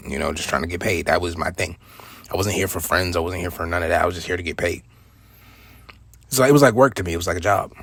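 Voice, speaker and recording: A man's voice: low-pitched, creaky, a bit bright, no room sound. A man casually telling a personal story in loose street slang, peppered with "you know what I'm saying.". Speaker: storyteller host.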